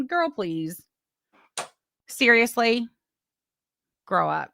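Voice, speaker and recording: A woman's voice: mid-range voice, unhurried, pushed and bright, no echo. A woman hosting a casual livestream, chatting and reading messages with sarcastic asides. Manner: chatty, sarcastic, talks to chat while doing other things. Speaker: livestream host.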